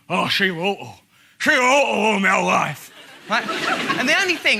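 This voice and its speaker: A high-pitched man mocks archive clips in a theatrical comic voice, often laughing as he speaks. His commentary is loud and playful. Steady noise sits under the recording. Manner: mocking, theatrical, laughing through lines. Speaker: comedy host.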